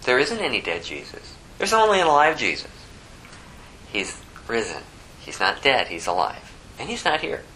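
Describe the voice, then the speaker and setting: A male pastor preaching with a very bright, sharp tone. He teaches verse by verse, rising to loud, emphatic peaks and dropping to quiet, low asides. A faint hiss sits under the recording. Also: wildly swooping pitch, moderate pace, rough recording. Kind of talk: sermon.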